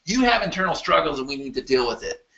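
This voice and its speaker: A man's voice: fairly high pitch, sing-song, fast, bright, forceful tone, muffled recording, full character voice. A man voicing his stern older male mentor, who scolds him bluntly.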